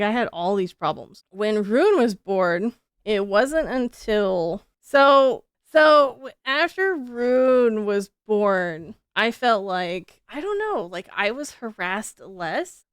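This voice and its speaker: A woman streamer chatting casually with her viewers, rambling and laughing often, with frequent casual swearing. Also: mid-range voice.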